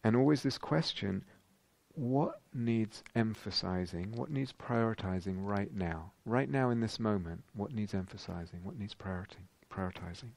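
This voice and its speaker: A man giving a thoughtful dharma talk as a meditation teacher at a retreat, pausing and restarting as he searches for words. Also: on the low side, creaky, a little mellow, no echo. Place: retreat centre meditation hall.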